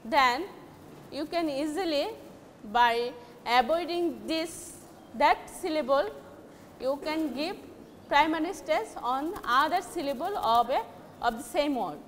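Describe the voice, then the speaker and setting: Lady teaching english, high voice, takes her time, echoey hall w a bit of hiss. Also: lively intonation, a bit bright. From Bangladesh. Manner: explains slowly, restarting and correcting herself. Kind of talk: recorded English lesson. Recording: reverberant hall with faint noise.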